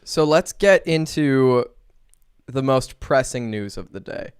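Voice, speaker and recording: A man's voice: medium pitch, expressive, slow, clear, resonant tone, no room sound, clean studio sound. A young man co-hosting a podcast, talking casually in a loose, playful way that breaks into laughs easily. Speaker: podcast co-host. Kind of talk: casual chat.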